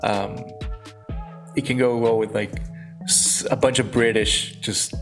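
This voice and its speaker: A man's voice: mid-range voice, fairly even intonation, unhurried, over music. A man co-hosting a podcast, talking in an easygoing way and laughing along. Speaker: podcast co-host. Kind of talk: casual chat.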